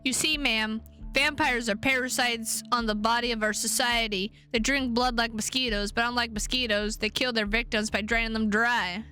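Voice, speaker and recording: A woman voicing a calm, polite male werewolf hunter from a visual novel, reading his lines aloud. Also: a little high, moderate pace, faint music behind. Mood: measured.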